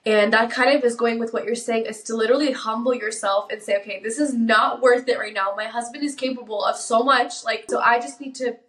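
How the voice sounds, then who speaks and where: A woman in her twenties hosting a casual chat, affirming and quick to agree. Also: on the high side, steady tone, fairly bright tone. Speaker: host. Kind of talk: casual conversation. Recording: roomy sound, distant from mic.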